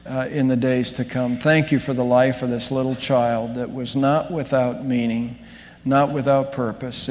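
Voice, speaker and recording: A man, a pastor, praying from the pulpit and then telling a story to the congregation, halting at times with restarts and fillers. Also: medium pitch, a little mellow. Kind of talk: pulpit prayer and sermon. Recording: echoey church hall.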